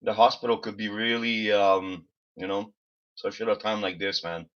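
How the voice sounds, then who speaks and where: A man's voice: fairly low pitch, little pitch movement, fairly quick, a bit bright. A man hosting a casual live stream, rambling through an exasperated story and swearing freely. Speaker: livestream host. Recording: slightly dull lo-fi stream audio.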